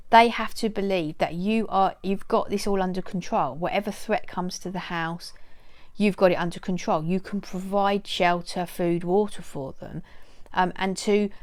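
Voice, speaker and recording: A middle-aged woman giving casual advice to camera, earnest and repeating her key points. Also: medium pitch. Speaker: dog owner giving training advice.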